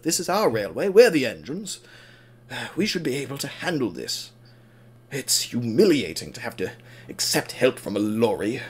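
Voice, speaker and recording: A man voicing a proud, stubborn male steam engine who speaks in a gruff, clipped way. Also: medium pitch, big pitch swings, moderate pace, a little hiss or hum, voice pushed down, close to an everyday voice. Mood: dejected.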